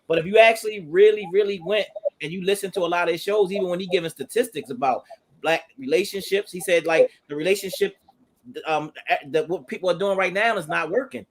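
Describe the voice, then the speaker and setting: A man on a casual panel discussion, talking quickly with restarts and fillers. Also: high voice.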